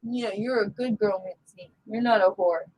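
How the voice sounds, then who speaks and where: A woman's voice: medium pitch, moderate pace, darkish tone, slight background noise, low-quality recording. A woman streamer chatting on a voice call, swearing freely and cooing baby talk at her cat. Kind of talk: casual chat on voice call.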